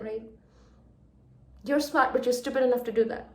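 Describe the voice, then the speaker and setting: A woman's voice: fairly high pitch, steady tone, moderate pace, pauses often. Gushing young woman vlogging her reading. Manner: emotional, swings from hushed gushing to loud exasperation. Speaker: book vlogger. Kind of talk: casual reading vlog commentary. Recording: echoey room.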